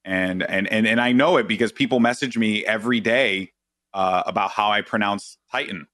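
A New York man talks through his stories in a relaxed podcast chat, his voice low-set but forceful and bright. He gets animated and leaps up in pitch whenever he quotes someone. The sound is dry and close. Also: moderate pace, dry recording. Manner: animated storyteller, jumps high when quoting people. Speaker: guest, esports and TV commentator.

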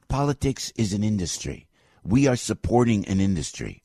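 Fired-up radio talk guy, lowish voice, dry close mic, jumps loud then quiet. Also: moderate pace, no room sound. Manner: animated, excitable, jokey, swings loud and quiet. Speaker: radio talk show host. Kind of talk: casual opinionated radio talk.

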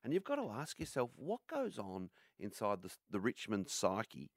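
Australian man, co-host, fairly low voice, dry studio sound, teasing. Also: huge pitch swings, moderate pace, dry recording. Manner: wry, teasing. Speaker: breakfast radio co-host. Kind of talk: casual chat. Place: radio studio. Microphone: studio mic.

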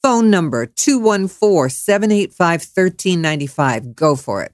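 A woman radio host rants on air with heated, mocking fury and swears freely. Her voice sits a little low, but she swings it up and down with lively force. The studio sound is close and dry. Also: moderate pace, dry recording. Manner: furious, profane, mocking. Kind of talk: angry on-air rant.

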